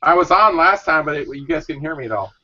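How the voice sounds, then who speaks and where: A man's voice: on the high side, lively intonation, fast, pushed and bright, muffled recording, a little hiss or hum. A man chatting casually and asking easygoing questions. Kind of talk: casual chat.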